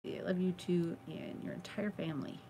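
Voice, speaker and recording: A woman's voice: lowish voice, steady tone, moderate pace, warm tone, a little hiss or hum. A woman hosting a late-night live stream from home, chatty and giggly, teasing her viewers. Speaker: crochet channel host.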